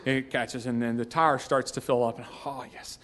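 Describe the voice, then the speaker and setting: A man's voice: medium pitch, steady tone, moderate pace, a bit bright. A middle-aged man from Georgia, telling a personal story in a rambling, folksy way that often restarts mid-sentence. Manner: rambling, self-interrupting, folksy.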